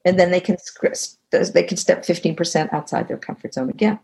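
On a video call, an older woman who is an author and teacher reflects on her experiences in a conversational interview, sharing anecdotes. Her fairly low voice is brisk with vocal fry, and she grows animated whenever she quotes others.

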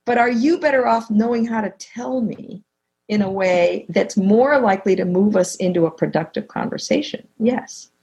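Gravelly-voiced woman telling a lively story. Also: medium pitch, normal speed. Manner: animated storytelling, acting out quoted dialogue. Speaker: guest, communication expert. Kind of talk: conversational interview.

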